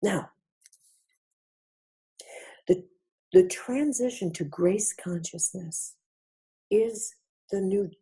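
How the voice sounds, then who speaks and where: A woman's voice: medium pitch, extremely slow, pauses often, dark tone, husky. A woman giving a spiritual lecture over a webinar, reflective, repeating phrases for emphasis. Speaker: featured speaker.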